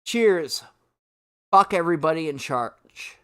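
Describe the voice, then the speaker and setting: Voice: medium pitch, expressive, slow, a bit bright, smooth. A drunken livestream rant from a streamer a few shots in. The voice swings widely up and down, loaded with curses and exasperation, and broken by hiccuping gasps between words. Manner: swearing, exasperated ranting. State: tipsy from shots.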